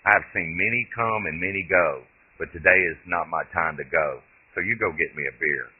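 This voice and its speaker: A man voicing a bossy, foul-mouthed old great-grandmother, speaking bluntly and demandingly in a husky voice. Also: sits low, normal speed. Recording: tinny lo-fi phone-like audio.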